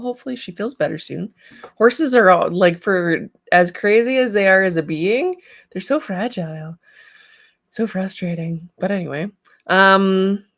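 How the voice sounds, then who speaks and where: A woman's voice: mid-range voice, gravelly, no echo, studio quality. A woman hosting a casual livestream, chatting, laughing and greeting viewers by name. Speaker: livestream host.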